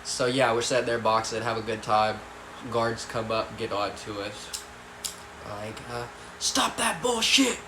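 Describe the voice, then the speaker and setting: A man's voice: on the low side, level tone, a little slow, background noise. A young man telling a story casually, with lots of swearing and rambling asides. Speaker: vlogger. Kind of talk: storytime vlog. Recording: echoey room, faint ambience.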